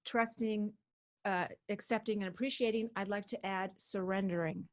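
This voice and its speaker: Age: unknown. Sex: woman. Role: chatty co-host. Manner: laughs easily, restarts sentences. Pitch: mid. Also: steady tone, moderate pace. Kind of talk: casual interview chat.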